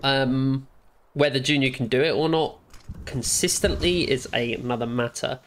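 A man's voice: medium pitch, steady tone, measured pace, slight background noise. A man giving casual, blunt, joking commentary as he reviews a match recording, with a case of the hiccups. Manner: chatty, blunt and joking, with frequent fillers. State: has the hiccups. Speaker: esports analyst reviewing a match demo. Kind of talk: casual commentary over gameplay footage.

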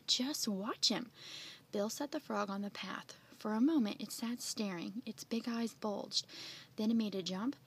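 Lady reading a kids book out loud, soft breathy bits, plain middle voice. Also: medium pitch, normal speed. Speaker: storybook reader. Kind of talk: reading a children's picture book aloud.

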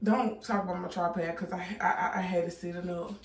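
A woman's voice: on the low side, fairly even intonation, brisk, roomy sound, recorded from a distance. A woman filming a playful prank vlog on a handheld phone. She teases and laughs a lot, and her speech has features. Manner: playful, teasing, laughing often. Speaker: vlogger. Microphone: phone held in hand.

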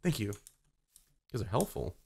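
A young man doing live gameplay commentary, excitable and foul-mouthed, yelping and laughing at every surprise. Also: on the low side, moderate pace, creaky, slightly rough. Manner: excitable, swears a lot, yelps and laughs at surprises. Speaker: game streamer.

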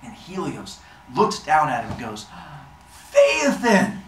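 A man telling a myth to children in a lively, playful way. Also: medium pitch, moderate pace. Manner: animated, playful. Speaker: storyteller. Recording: echoey room, distant mic, faint noise.

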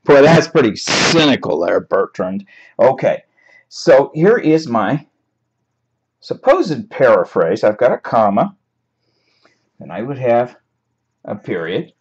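A man's voice: mid-range voice, very animated, takes it slowly, pauses often, breathy edge. A man teaching a writing class in a chatty, wry way, laughing now and then at his examples. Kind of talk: classroom lecture on paraphrasing. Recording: dull lo-fi recording.

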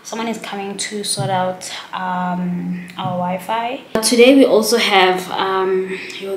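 A woman's voice: mid-range voice, a little hiss or hum. Chatty woman in an echoey room. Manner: rambling, self-conscious, chatty. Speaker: vlogger. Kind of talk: casual vlog chat to camera.

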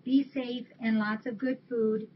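A woman's voice: fairly high pitch, flat delivery, measured pace. Woman, casual webcam chat, reading cards aloud, dull lo-fi sound, faint hiss. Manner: chatty, warm thanks, reading aloud. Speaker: shelter webcam host.

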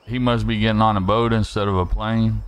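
A man's voice: on the low side, little pitch movement, fairly quick, clear, resonant tone. A man hosting a livestream, chatting casually and teasing friends and chat. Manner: joking, teasing banter with chat. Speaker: livestream host.

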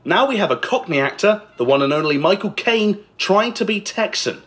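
A man's voice: sits high, expressive, moderate pace, a bit bright, faint music behind. A man reading a scripted movie list countdown in a sarcastic, mocking way. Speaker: list video narrator. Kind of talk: scripted narration.

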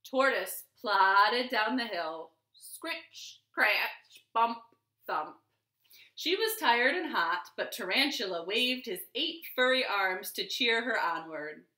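A woman librarian reads a children's picture book aloud at an unhurried pace. Her bright voice swoops up and down with lots of expression. The living room around her adds a noticeable echo. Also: a little high. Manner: expressive, lively storybook reading. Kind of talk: storytime read-aloud.

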